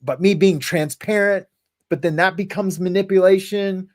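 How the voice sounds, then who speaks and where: A man hosting a casual livestream, reading viewer comments aloud and rambling with frequent chuckles and halting restarts. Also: high voice, a little hiss or hum. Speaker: livestream host.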